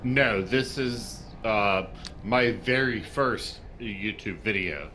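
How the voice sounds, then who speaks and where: A man's voice: on the low side, takes it slowly, pushed and bright, slight background noise. A man speaking as a debate guest on a livestream, hesitant with many fillers. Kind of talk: casual livestream talk.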